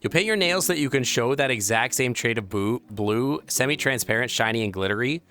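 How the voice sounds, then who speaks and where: A young man chatting casually on a live stream, reading and answering viewer messages, playful and giggly, rambling and breaking into squeaky high exclamations. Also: expressive, fairly quick, pushed and bright. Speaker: VRChat streamer.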